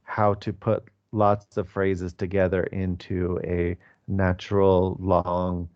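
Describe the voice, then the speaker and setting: A man's voice: sits low, monotone, slow, muffled recording. A man in his forties teaching an online English class, patient and explanatory with many fillers. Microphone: video call.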